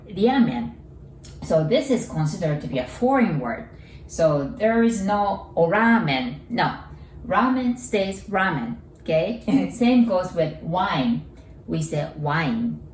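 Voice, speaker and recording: A woman with a Japanese accent teaching a friendly language lesson, slowing down to drill pronunciation. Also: on the low side, a little mellow, reverberant, recorded from a distance, a little hiss or hum, low-quality recording. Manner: upbeat, slow careful pronunciation drills.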